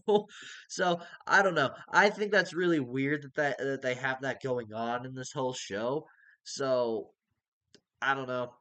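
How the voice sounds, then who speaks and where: A man's voice: medium pitch, expressive, unhurried, long pauses, fairly bright tone. A man casually reviewing a TV show, rambling and hedging, with casual swearing.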